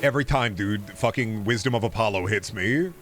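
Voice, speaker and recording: A man's voice: fairly low pitch, a little fast, over music. Man ranting profanely on a stream. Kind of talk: casual stream chat.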